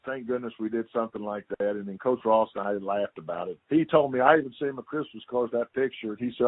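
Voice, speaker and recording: Speaking at medium pitch and a quick clip with hardly a pause, an ex-football player in his later years shares stories as a guest in an easygoing interview. He acts out quotes and doubles back on words with storyteller energy, over a tinny, dry phone line with no room sound.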